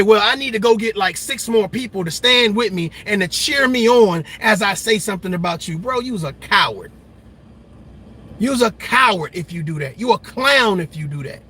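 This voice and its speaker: A man rants on a livestream, preachy and repeating phrases for emphasis. His voice sits high and bright with a husky edge. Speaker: commentary host. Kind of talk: livestream commentary rant.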